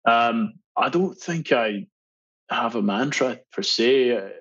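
Husky man telling a lively swim story. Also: medium pitch, takes it slowly. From Scotland. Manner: animated storyteller, laughs often, many restarts. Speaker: marathon swimmer guest. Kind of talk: casual storytelling interview. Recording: dull lo-fi sound.

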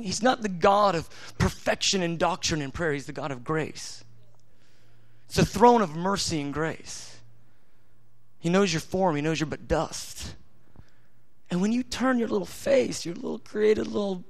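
A man preaching a sermon in an intimate, tender way, at times acting out God's voice softly. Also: high voice.

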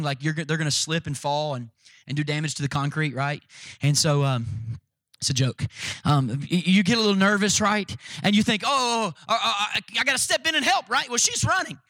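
Guy preaching, high bright voice, dry close sound, keeps asking "right?". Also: brisk, dry recording. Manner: storytelling with animated quoted voices; repeats "right?" to engage listeners. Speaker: pastor. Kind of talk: sermon.

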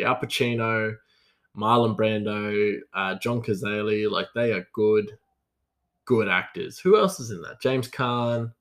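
A man's voice: lowish voice, a bit bright. Rambling man telling casual stories. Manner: rambling, lots of fillers and restarts, frequent laughter. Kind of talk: casual storytelling.

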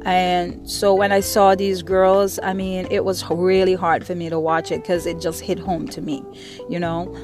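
A woman's voice: fairly low pitch, level tone, a little slow, over music. A middle-aged woman from the Caribbean hosting a show and delivering an angry, profane monologue that pounds her points through repetition. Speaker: podcast host. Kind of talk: impassioned monologue.

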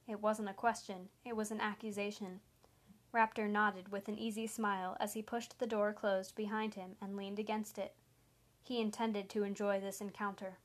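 A woman narrating a story in a steady, even manner. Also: medium pitch, normal speed.

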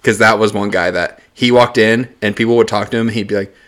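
A young man chatting casually, blunt and deadpan, swearing freely as he tells work stories. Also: lowish voice, fast talker. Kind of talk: casual chat.

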